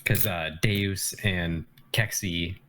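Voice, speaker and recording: A man with a very low voice talks through a story at a game table. He halts often and fills the gaps with pauses and hesitations. His delivery is casual and unpolished. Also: fairly even intonation, a bit bright. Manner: halting, with many fillers. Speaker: player.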